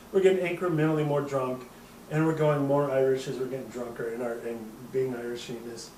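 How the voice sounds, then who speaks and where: A man's voice: mid-range voice, fairly even intonation, a little fast, darkish tone, recorded from a distance. A man hosting a casual show, rambling through a drunken story with lots of swearing and laughter. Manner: rambling, profane, laughing at his own story. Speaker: host. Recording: roomy, off-mic with faint ambience.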